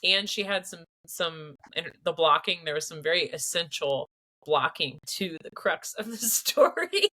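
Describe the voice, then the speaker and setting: A woman's voice: sits low, normal speed, sharp tone. A woman hosting a podcast interview, talking in an enthusiastic, chatty way. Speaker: podcast host. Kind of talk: casual interview.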